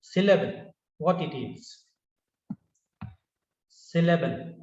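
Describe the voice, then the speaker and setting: A man's voice: on the high side, darkish tone. A man with an Indian English accent teaching a pronunciation lesson, repeating each word several times to drill it. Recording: roomy, distant, dull lo-fi sound.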